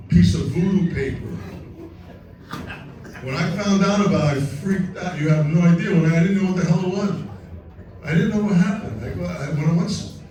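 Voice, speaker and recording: A man's voice: fairly high pitch, a little mellow. A man telling an impassioned, profane story at an event, ranting and mocking the people he quotes. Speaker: speaker at a crypto event. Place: large echoey event space. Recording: echoey room, distant mic.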